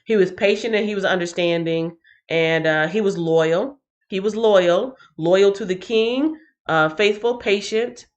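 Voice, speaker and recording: A woman's voice: medium pitch, measured pace, highs cut off. A woman hosting a Bible reading stream, chatting casually and animatedly with many fillers.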